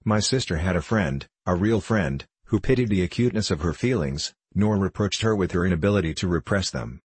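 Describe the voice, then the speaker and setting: Guy reading a tormented young novice monk, deep husky voice, pleads and falters, dry audiobook sound. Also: animated, normal speed, no echo. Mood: anguished.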